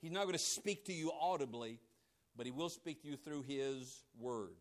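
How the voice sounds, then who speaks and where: Animated and at a normal speed, a male preacher jumps between emphatic, loud lines and low, quiet asides. When he quotes people, he acts out their voices.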